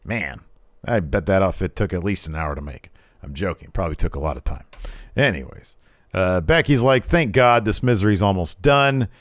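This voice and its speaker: A man's voice: low voice, lively intonation, normal speed, dry recording. A young adult man giving chatty, sarcastic commentary over wrestling footage, rambling a little. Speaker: wrestling video host.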